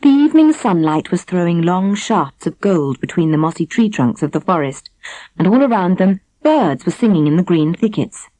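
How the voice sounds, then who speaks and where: A woman narrating a children's storybook audiobook in an expressive reading voice, close to the mic. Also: lowish voice, moderate pace, no room sound, poor audio.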